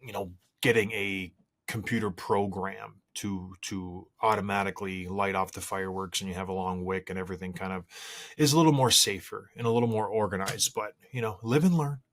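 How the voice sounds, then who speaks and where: A man in his thirties hosts his podcast alone, with a slightly low voice. He chats in a loose, rambling way, tells stories against himself, and restarts his sentences often. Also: fairly even intonation, fairly quick, a bit bright. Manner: rambling, self-deprecating storytelling with frequent restarts. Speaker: podcast host. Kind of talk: casual solo podcast chat.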